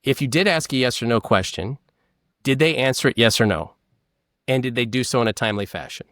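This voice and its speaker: Animated man, dry close sound. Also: mid-range voice, a little fast, no room sound. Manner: animated, acts out questions and answers. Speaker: guest, former polygraph examiner. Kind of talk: explanatory interview talk.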